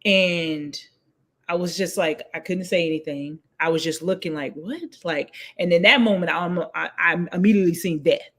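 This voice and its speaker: Woman, 40s, interview guest, storyteller who performs each quoted voice with high, sudden leaps. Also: normal speed. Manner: lively, acts out quoted voices with big pitch jumps.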